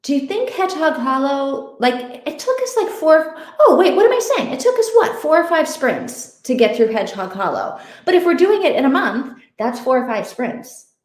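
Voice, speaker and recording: A woman's voice: high-pitched, sing-song, normal speed, hardly any pauses. Rambling woman host, echoey room. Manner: rambling, thinking aloud with many fillers. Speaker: host of an online reading group. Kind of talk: casual livestream chat.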